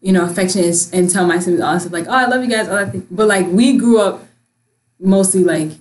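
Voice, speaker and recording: A young woman chatting casually with friends, her voice at an ordinary middle pitch. She tells stories with lots of energy, slips into the voices of her relatives, and laughs easily. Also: fast. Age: young adult. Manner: animated, acts out family quotes, laughs often. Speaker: discussion participant. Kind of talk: casual group chat.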